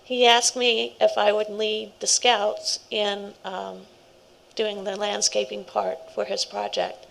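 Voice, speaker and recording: A woman's voice: mid-range voice, flat delivery, takes it slowly, vocal fry, a bit bright, rough recording. A middle-aged woman, a scout leader, giving a rambling, heartfelt speech at a ceremony, with laughing asides.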